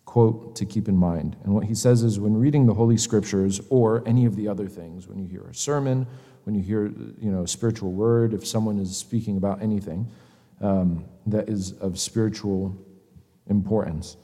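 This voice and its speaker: A man giving an earnest, conversational church lecture, pausing often as he searches for words. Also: fairly low pitch, warm tone. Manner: earnest, hesitant with frequent pauses. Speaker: church teacher. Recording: long reverb of a hall.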